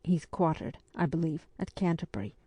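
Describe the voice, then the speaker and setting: A woman reading the part of an earnest young French officer in an audiobook, speaking softly and with care. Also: sits low, expressive, a little fast, husky, no echo. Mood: troubled.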